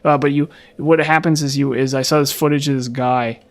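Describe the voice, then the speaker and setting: A man's voice: mid-range voice, fairly even intonation, a little fast. Rambling man chatting while gaming. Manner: rambling, many fillers and restarts. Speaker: gaming streamer. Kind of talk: casual chat while playing a game.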